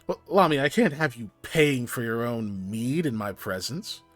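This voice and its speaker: A man voicing a suave male devil who flatters and gently mocks, with a voice pitched a bit above his own, in a tabletop game. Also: a little slow, soft background music. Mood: teasing. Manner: smooth, flattering, gently mocking. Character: suave teasing male devil, generous patron.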